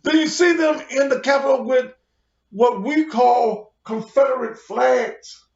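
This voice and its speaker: An unhurried man with an extremely high-pitched voice, a pastor, unleashes a heated, profanity-filled, confrontational rant at his livestream audience. The recording has a roomy, dull lo-fi quality.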